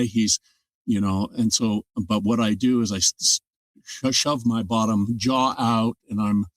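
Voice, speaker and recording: A man's voice: mid-range voice, no room sound. An older man, an audiobook narrator, talking through his craft as an interview guest in a thoughtful, explanatory way. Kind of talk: casual interview talk. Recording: dry sound from a distant mic.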